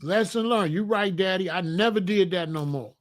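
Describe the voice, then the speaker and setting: Male host, high voice, preachy and repetitive, casual monologue. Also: moderate pace. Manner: preachy, repetitive, emphatic advice to men.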